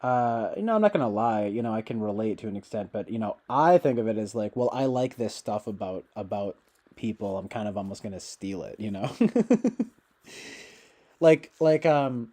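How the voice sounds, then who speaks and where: Rambling, mellow-voiced man streamer. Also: fairly low pitch, lively intonation. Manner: meandering, halting, many fillers and restarts. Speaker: livestreamer. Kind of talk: casual rambling livestream chat.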